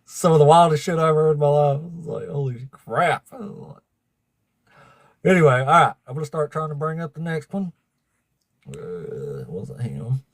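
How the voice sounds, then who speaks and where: A man hosts a livestream, chatting loosely with his viewers. He swears freely and laughs often in a somewhat high voice. The sound is dry and close, with little room around it. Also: lively intonation, normal speed, long pauses, breathy edge, no room sound. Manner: profane, laughing, talks to chat. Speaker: livestream debate host. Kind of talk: casual livestream chat.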